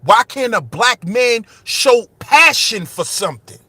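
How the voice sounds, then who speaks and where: High, animated man ranting passionately. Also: measured pace, slightly rough, no room sound. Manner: preachy, repeats phrases, rhetorical questions; raises his voice with passion. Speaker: commentary channel host. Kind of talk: impassioned monologue.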